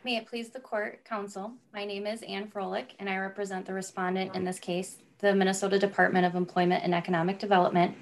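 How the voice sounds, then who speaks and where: A woman's voice: medium pitch, level tone, fast talker, few pauses. A woman, an attorney for a state agency, giving a formal and persuasive appellate argument. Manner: formal, persuasive, asks listeners to imagine cases. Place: courtroom.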